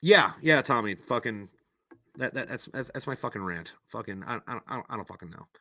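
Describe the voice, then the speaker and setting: A man's voice: mid-range voice, lively intonation, fairly quick. A man hosting a podcast livestream alone, rambling in a casual way and swearing constantly while he waits for his guest. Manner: gets loud and ranting when worked up. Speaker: podcast host.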